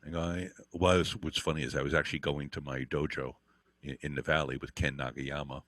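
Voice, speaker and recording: Very deep-voiced older man telling stories. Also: level tone, brisk, a bit bright, dry recording. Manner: rambling anecdotes with frequent fillers and swearing. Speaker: interview guest, guitar teacher. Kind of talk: casual storytelling.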